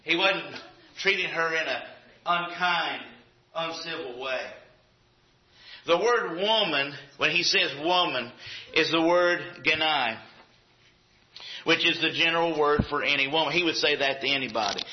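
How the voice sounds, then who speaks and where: A man's voice: on the high side, measured pace, pauses often. A man preaching a sermon in a folksy, conversational way with acted asides. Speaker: pastor. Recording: dull lo-fi recording.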